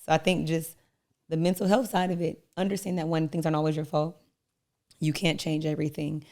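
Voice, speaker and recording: A woman appearing as a podcast guest talks a little fast in a somewhat low voice during a candid conversation. She's an animated storyteller who acts out other people's voices in her anecdotes, laughs easily and playfully praises herself.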